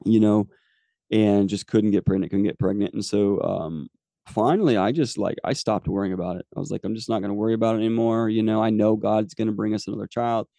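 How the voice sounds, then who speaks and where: A man's voice: on the low side, steady tone, fairly quick, vocal fry, mellow, no room sound. A man in his forties, a podcast host telling a personal faith testimony in an earnest, rambling way with many fillers. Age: 40s.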